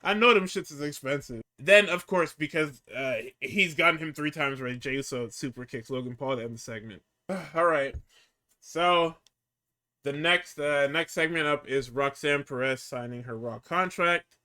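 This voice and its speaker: A man's voice: fairly high pitch, moderate pace. A man co-hosting a podcast, telling a story in casual, profane chat and acting out what others said. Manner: animated, profane storytelling, acting out quotes, frequent laughter. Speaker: podcast co-host recapping wrestling.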